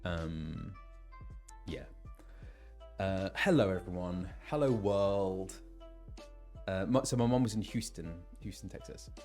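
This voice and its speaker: Slow-talking guy chatting with his stream chat, reading out where everyone's from, faint music behind. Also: low voice, a little mellow. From England. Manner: chatty, reading out viewer locations. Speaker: voice actor streaming a game. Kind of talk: casual live-stream chat.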